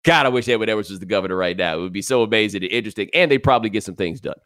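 A man hosts a sports podcast and tells stories in a chatty, lively way. His voice is smooth and resonant, recorded close and dry with no room sound. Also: lowish voice, rapid-fire, dry recording. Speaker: podcast host. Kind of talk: casual sports chat.

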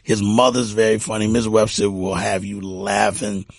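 Middle-aged Texas-raised producer, low-pitched, loose storyteller who circles back on his words, dry studio mic. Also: little pitch movement, moderate pace, gravelly, no echo. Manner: rambling, repeats words, warm anecdotal. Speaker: music producer, guest. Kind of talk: casual storytelling interview.

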